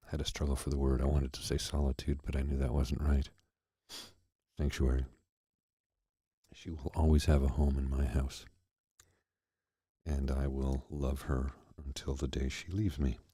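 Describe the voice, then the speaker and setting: A man hosting a soft-spoken ASMR chat, reflective and halting, with pauses and restarts, close to the mic in a quiet room. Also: extremely low pitch, level tone, slightly rough, no echo. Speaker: host.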